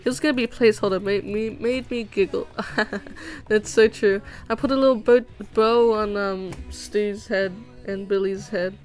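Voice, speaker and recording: A woman's voice: mid-range voice, fairly even intonation, moderate pace, darkish tone, poor audio. A young woman chatting casually on a livestream while drawing, reading chat aloud, giggling and swearing now and then. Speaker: streamer. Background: background music.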